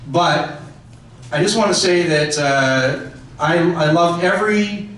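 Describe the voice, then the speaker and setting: A man recounting a story about a late comedian at a memorial, halting with fillers. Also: on the high side, a bit bright. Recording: echoey hall from far off.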